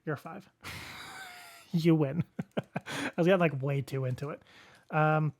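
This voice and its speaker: Young man, podcast host, casual solo chat, fairly high voice, self-deprecating, chuckles. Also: steady tone, measured pace, a little mellow, dry recording.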